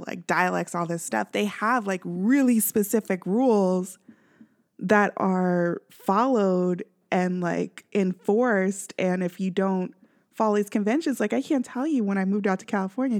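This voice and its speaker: A woman from Missouri in casual chat as a podcast co-host, lively and full of fillers and laughter. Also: mid-range voice, creaky. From Missouri, US Midwest. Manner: lively, animated, laughs often, many fillers.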